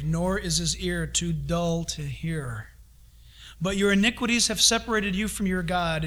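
A middle-aged male pastor preaching a lively sermon, acting out the voices of God and his kids as he talks. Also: high voice.

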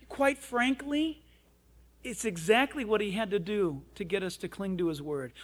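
A male pastor preaching a radio sermon, animated and storytelling, acting out the people in his story. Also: high-pitched, normal speed. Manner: animated storytelling, acts out other people's voices.

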